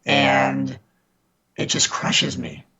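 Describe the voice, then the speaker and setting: A man's voice: medium pitch, completely flat delivery, very slow, gravelly, crowd noise, low-quality recording. A man guest on a podcast, earnestly telling stories of fighting scammers, often restarting his sentences. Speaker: podcast guest, scam baiter. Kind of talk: casual interview storytelling.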